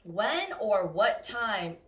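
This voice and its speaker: A woman teaching English to beginners, speaking slowly and clearly with exaggerated intonation. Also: mid-range voice, big pitch swings. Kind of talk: slow beginner ESL lesson.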